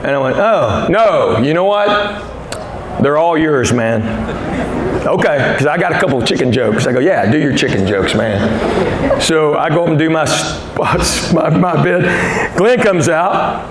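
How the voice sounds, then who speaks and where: A man's voice: a little high, lively intonation, measured pace. A middle-aged man with a Southern American accent doing stand-up, a drawling storyteller who acts out the voices in his stories. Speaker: stand-up comedian. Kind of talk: stand-up routine. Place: theater stage with live audience. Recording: echoey venue with audience noise.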